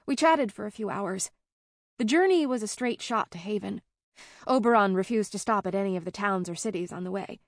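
Woman, audiobook narrator, first-person fantasy, even storytelling, dry close sound. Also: mid-range voice, no echo.

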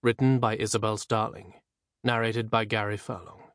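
A male audiobook narrator with a fairly low voice, reading in a measured, even way. The sound is dry and close, with no room around it. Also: no room sound.

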